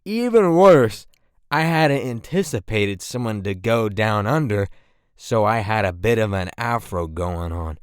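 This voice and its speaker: A man's voice: lowish voice, animated, unhurried, clear, resonant tone, dry recording, studio quality. A man in his twenties narrating comedic storytime anecdotes with crude, self-mocking humor.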